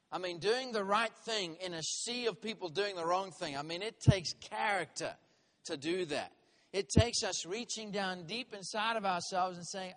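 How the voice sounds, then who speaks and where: A man preaching a sermon as a minister, reading scripture slowly and telling a story that grows loud and heated as he gets worked up. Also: high-pitched. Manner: animated storytelling, voice rising sharply when worked up; reads scripture slowly and deliberately.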